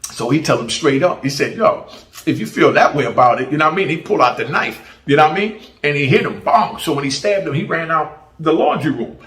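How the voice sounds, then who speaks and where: A man's voice: on the high side, expressive, fast talker, a bit bright. A middle-aged man from Jamaica with a Jamaican accent, telling his prison story in casual street slang and acting out the voices of others. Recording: roomy echo.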